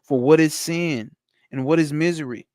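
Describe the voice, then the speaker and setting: A man's voice: fairly high pitch, a little mellow, no room sound, clean studio sound. Slangy, blunt man reading a spiritual text. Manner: slangy, blunt asides with profanity between slow reading; streaming to a live chat. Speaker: spiritual teacher. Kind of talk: reading a text aloud and commenting on it.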